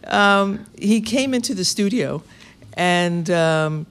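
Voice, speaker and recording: Guy, radio interviewer, chatty storyteller, kinda high voice, laughs a lot as he goes. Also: slow pace, clean tone. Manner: lively storyteller, laughs often, restarts phrases. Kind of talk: conversational anecdote.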